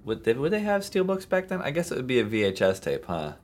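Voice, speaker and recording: A man's voice: mid-range voice, huge pitch swings, quick pace, darkish tone, slight background noise. A young man co-hosting a podcast in laid-back casual chat, often agreeing briefly. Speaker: podcast co-host.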